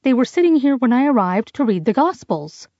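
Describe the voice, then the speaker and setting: A woman's voice: on the high side, sing-song, a little fast, dark tone, no room sound, lo-fi sound, pitched above the performer's own voice. A woman voicing a frightened young woman who stammers and trips over her words in an audiobook. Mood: flustered. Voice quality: stammering, nervous. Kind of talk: audiobook character voice.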